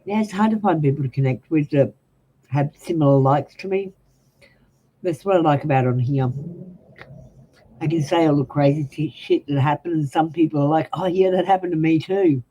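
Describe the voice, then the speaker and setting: A woman's voice: low voice, normal speed, mellow, breathy edge, lo-fi sound. An Australian woman reading tarot live and chatting casually with viewers, blunt and talkative, now and then swearing. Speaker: tarot reader.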